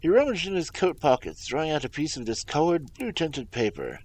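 A man reading a story aloud on a livestream with measured storybook narration. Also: a little high, very animated, darkish tone, husky, rough recording. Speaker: reader.

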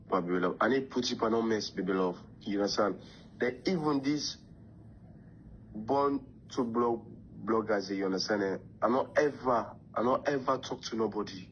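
A man's voice: medium pitch, dull audio, a little hiss or hum. A man with a Sierra Leonean Krio English accent leaving a private voice message, pleading and reassuring, often repeating questions to check he is understood.

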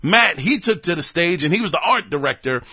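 A high-voiced man hosts his own gaming podcast, chatting loosely and addressing listeners like friends. His tone is bright and forceful, and the recording sounds dry and close, with no room behind him. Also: a little fast, slightly rough, no room sound. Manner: animated, slangy, talks straight to listeners. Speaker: podcast host. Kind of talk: casual solo podcast commentary.

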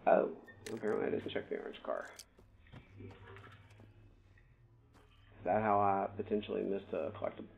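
A fairly low-voiced man streams a game and chats loosely, talking through what he sees and explaining tech things to a friend at length. The sound is thin and tinny, like it came through a phone line. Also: normal speed, creaky, pauses often, slight background noise. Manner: chatty, explains things at length, thinks aloud while playing. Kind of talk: casual gameplay stream chat.

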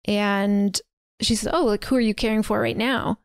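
A podcast host casually recaps a film scene by scene, chatty and full of fillers, quoting the dialogue as she goes. Her mid-range voice is steady and clean at normal speed, with no room sound.

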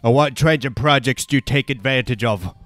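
A man's voice: medium pitch, brisk, a bit bright, dry recording, soft background music. A young man giving sarcastic, rambling commentary over his own Roblox gameplay as a YouTuber. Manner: sarcastic, rambling, self-mocking.

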